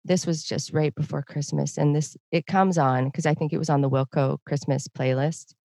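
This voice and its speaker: A woman's voice: low-pitched, steady tone, normal speed, gravelly, warm tone, no echo, clean studio sound. A woman hosting a casual podcast interview, chatty and laughing often. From Canada. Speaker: podcast host.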